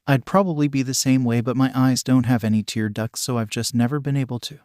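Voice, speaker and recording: A man reading the lines of an exhausted teenage boy hero-student who talks in a flat, tired tone, from a fan story. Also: mid-range voice, fairly quick, no echo, clean studio sound, lightly acted. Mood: weary.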